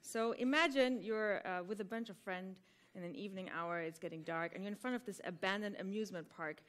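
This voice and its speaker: A woman's voice: medium pitch, a little fast, fairly bright tone. A woman teaching improv who explains a game step by step to a conference audience, often checking in with "right?". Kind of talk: conference talk.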